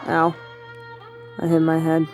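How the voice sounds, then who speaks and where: A woman's voice: low-pitched, monotone, takes it slowly, darkish tone, soft background music, poor audio. A woman playing a video game and thinking aloud, talking to herself with lots of fillers as she goes. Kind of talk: casual let's-play commentary.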